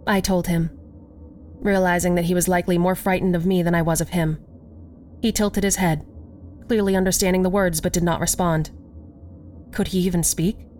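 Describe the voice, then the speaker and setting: Casting: female horror narrator, lower voice, unhurried and measured, faint music underneath. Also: a little mellow. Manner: slow, measured storytelling. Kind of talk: scripted horror story narration.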